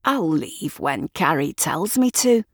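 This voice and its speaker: A woman voicing a hoarse, scrounging man who wheedles for a cigarette in a storybook reading. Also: low-pitched, sing-song, slow pace, dry recording, clean studio sound, heavily acted. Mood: wheedling. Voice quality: hoarse, rough. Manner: wheedling, cadging.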